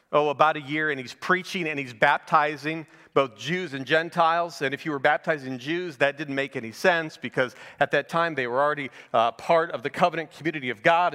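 A man's voice: fairly high pitch, sharp tone, big-room sound. A middle-aged male pastor giving a conversational verse-by-verse sermon, asking rhetorical questions as he goes. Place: church sanctuary.

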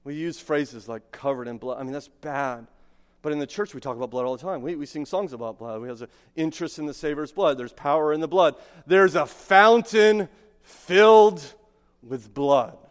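A man in his thirties preaching a sermon as pastor, conversational, with frequent "right?" asides and quick restarts. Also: medium pitch. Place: church sanctuary. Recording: long hall reverb from a sanctuary PA.

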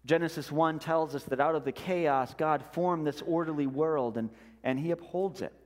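A male pastor preaching a sermon in a slow, deliberate way, letting his voice drop softly on key words. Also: fairly high pitch, big-room sound.

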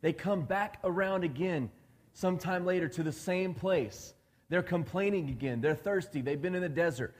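A man's voice: high-pitched, normal speed. A male preacher giving a conversational sermon, often asking the congregation questions and acting out quoted dialogue. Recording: long reverb of a large hall.

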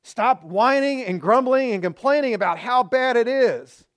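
High-voiced preacher, earnest and exhorting. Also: male voice, expressive, normal speed. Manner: earnest, exhorting, punches short repeated phrases. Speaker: pastor. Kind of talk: sermon.

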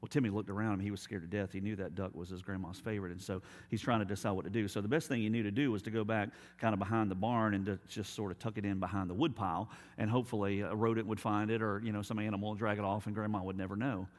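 A man preaching a sermon as pastor, telling stories and dropping to quiet, emphatic appeals. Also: lowish voice, fairly even intonation, rapid-fire, few pauses.

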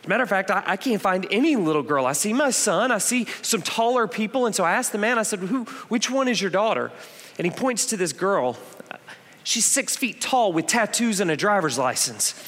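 Guy pastor in his 30s giving a sermon, storytelling vibe, kinda high voice, long church reverb. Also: animated, brisk, a bit bright. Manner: conversational storytelling, emphatic repetitions. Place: church auditorium.

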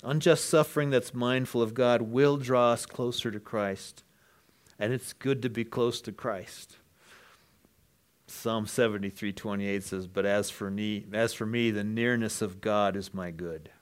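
A man preaching an earnest sermon, dropping to hushed lines and then rising to loud, emphatic ones. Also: fairly low pitch, fairly even intonation, a little slow, smooth. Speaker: pastor.

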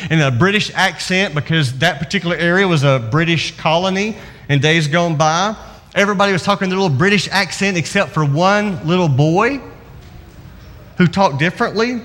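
A male pastor preaching a sermon, telling a story and slowing down to stress key words. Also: a little high, fairly bright tone, in a large hall. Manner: storytelling, slows down for emphasis.

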